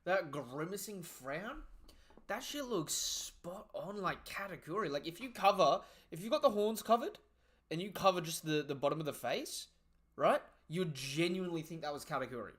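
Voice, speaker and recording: Excitable young man reacting live. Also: on the high side, normal speed. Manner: excitable, slangy, breaks off and restarts mid-sentence. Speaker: manga reaction host.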